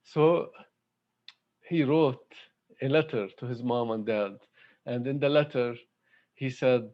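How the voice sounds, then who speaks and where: A man giving a devotional talk at an online spiritual gathering, speaking in a halting, heartfelt way with many pauses and fillers. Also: mid-range voice, fairly even intonation, highs cut off. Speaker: satsang speaker. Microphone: video call.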